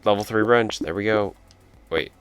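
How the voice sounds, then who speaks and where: Soft background music accompanies a let's play commentator as he tells a rambling story while gaming, breaking off to react to the game. His voice is lowish, and he talks at a normal speed.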